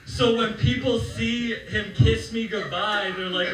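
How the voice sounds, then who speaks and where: A man's voice: high-pitched, fairly even intonation, slow, recorded from a distance. A young man doing a stand-up set on a comedy club stage, joking loosely and chatting with the crowd. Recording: roomy live club sound from afar.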